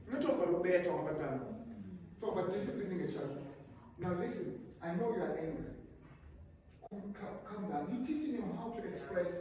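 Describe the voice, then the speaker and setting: A South African man with an isiXhosa-speaking accent, preaching to couples at a retreat in an animated way, often repeating his words. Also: sits high, fast talker, slight background noise. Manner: animated, repeats words, mimics a parent calming a child. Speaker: pastor. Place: conference room at a resort. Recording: roomy hall, voice from far off.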